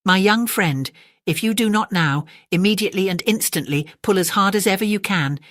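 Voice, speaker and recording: A woman's voice: medium pitch, normal speed, fairly bright tone, no echo, studio quality, voice pushed up, lightly acted. A woman voicing a pompous, long-winded male python snake in a storybook, speaking in a stiff, formal way.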